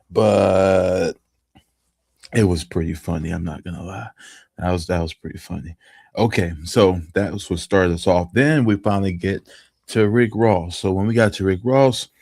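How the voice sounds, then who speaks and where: A man's voice: sits low, darkish tone, no echo. A man hosting a casual watch-along, commenting on and teasing his own interviews. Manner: teasing, laughs at guests.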